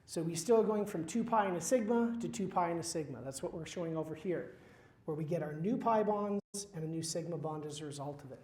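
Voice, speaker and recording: A man's voice: on the high side, fast talker, a little mellow. Man lecturing in a roomy hall. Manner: quizzes the class, wry asides. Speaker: chemistry lecturer. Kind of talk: university lecture.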